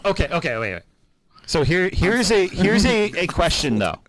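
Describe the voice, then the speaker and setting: A man co-hosting a podcast, pressing questions in a lively casual debate. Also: sits high, normal speed, a crowd in the background. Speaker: podcast co-host.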